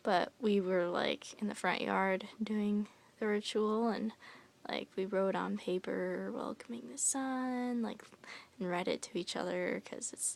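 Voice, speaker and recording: A young woman telling a casual, rambling vlog story, full of fillers and with soft whispery asides. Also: mid-range voice, fairly even intonation, measured pace, gravelly. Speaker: vlogger.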